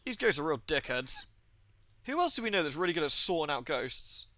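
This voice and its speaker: A man's voice: a little high, sing-song, fairly quick, pushed and bright. A young man with a mix of Birmingham and Southwest English accents, chatting and joking while he streams a game. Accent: mix of Birmingham and Southwest England. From England. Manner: chatty, jokey, laughs often. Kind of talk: casual gaming commentary.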